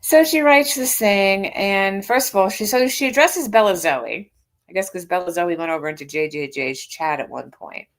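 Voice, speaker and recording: A woman's voice: fairly low pitch, expressive, moderate pace. A woman in her fifties hosting a casual livestream, reading out a critic's posts and mocking them with sarcastic comebacks. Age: 50s. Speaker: livestream host. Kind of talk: casual reaction stream.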